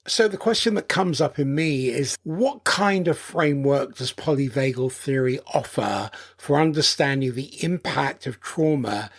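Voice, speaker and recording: Gravelly, husky-voiced male podcast host. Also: medium pitch. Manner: measured, reflective, long framing questions. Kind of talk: podcast interview question.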